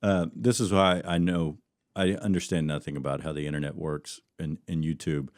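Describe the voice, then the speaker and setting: A man's voice: very deep voice, fairly even intonation, moderate pace, dry recording, clean studio sound. A man hosting a podcast in casual chat, rambling and laughing often, his sentences trailing off. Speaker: podcast host.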